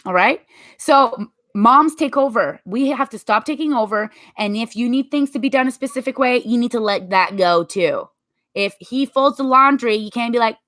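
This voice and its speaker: A woman in her thirties giving emphatic, animated motivational talk to her viewers, acting out little quotes as she goes. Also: on the high side, moderate pace, no echo. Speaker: vlogger.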